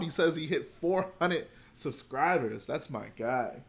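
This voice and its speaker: Rambling, chatty livestream host. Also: male voice, fairly high pitch, lively intonation, a little slow, vocal fry. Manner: rambling, chatty, thinks aloud. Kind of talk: casual chat while building.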